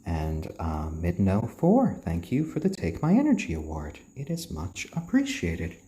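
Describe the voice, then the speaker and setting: A man hosting a casual live stream, talking in a soft, slow, soothing voice to keep his chickens calm while he reads out viewer comments. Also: low-pitched. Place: indoors, roomy. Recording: roomy echo.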